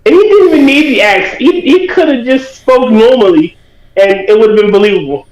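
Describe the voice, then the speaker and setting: A man's voice: very high voice, expressive, fairly quick, echoey room, rough recording. A man chatting casually as a guest, stumbling over his words and playful. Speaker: podcast guest. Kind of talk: casual chat.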